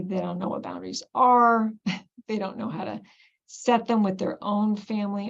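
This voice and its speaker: Woman with a gravelly, dull-sounding voice. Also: mid-range voice. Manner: conversational, explanatory, with frequent fillers and restarts. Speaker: clinician presenter. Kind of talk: online teaching presentation.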